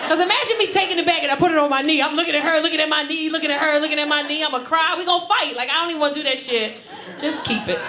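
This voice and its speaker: A woman stand-up comedian telling a profane story on stage, with big shouted punchlines over a laughing audience. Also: sits high, rapid-fire, noisy background. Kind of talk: stand-up routine. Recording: echoey club with crowd laughter.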